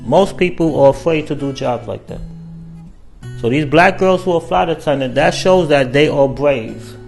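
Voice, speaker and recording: A man offers casual commentary in an earnest way, repeating himself to drive points home. His voice sits a little high with a gravelly texture, over faint music. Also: moderate pace, darkish tone.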